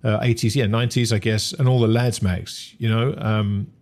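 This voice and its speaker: A man's voice: fairly low pitch, fairly even intonation, moderate pace, darkish tone. A man, co-hosting a sports discussion, thinking aloud with frequent restarts and hedges. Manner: musing, hesitant, many restarts. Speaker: podcast co-host. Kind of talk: casual discussion.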